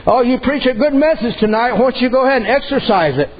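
A man preaching, voicing the Lord as a fatherly, gently teasing figure in a folksy way. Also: very high-pitched, lively intonation, quick pace, lo-fi sound, voice pushed up.

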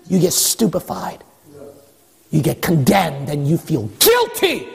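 High, husky-voiced preacher in echoing hall. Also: male voice, wildly swooping pitch, takes it slowly. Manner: emphatic, rhetorical, building to shouts. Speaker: pastor. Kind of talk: sermon. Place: church hall. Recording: long echo of a big hall.

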